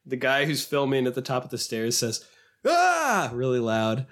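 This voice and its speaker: A man co-hosting a podcast in casual chat, animated and sometimes quoting clips in a higher put-on voice. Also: brisk. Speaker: podcast co-host.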